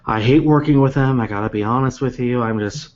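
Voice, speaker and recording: A man voicing a weary woman arena official who sighs and grumbles in a dull, low-fi recording. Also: a little fast, darkish tone, natural voice. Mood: grumbling. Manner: sighing, grumbling, trailing off.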